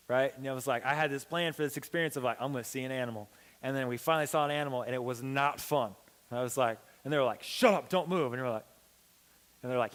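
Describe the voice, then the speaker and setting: A young man giving a youth sermon as a pastor, telling a story with lively acted-out dialogue. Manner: animated, acts out quoted dialogue with big pitch swings. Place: church hall. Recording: long hall reverb.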